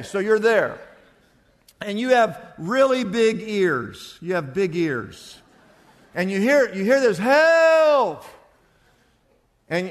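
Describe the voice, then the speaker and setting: A male pastor delivers a sermon, driving his points home through repetition and vivid storytelling. His voice sits high for a man. A long hall echo trails each phrase. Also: fairly bright tone.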